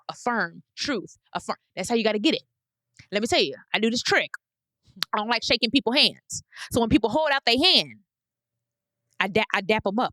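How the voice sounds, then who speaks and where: The dry recording, with no room sound, captures a woman in her thirties from the United States whose medium-pitched voice has a sharp edge. As a podcast host, she talks casually but bluntly, giving emphatic advice and repeating key phrases for weight.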